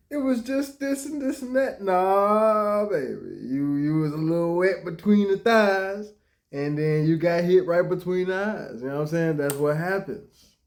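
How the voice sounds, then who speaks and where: Dude doing reaction commentary, blunt and jokey, slang heavy, kinda high voice. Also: male voice, a little mellow.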